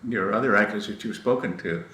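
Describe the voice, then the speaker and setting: A man's voice: on the low side, brisk, pushed and bright. An elderly man in his eighties, a veteran actor, reflecting on stage work while rambling and searching for words. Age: 80s. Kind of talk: interview reflection. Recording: roomy echo.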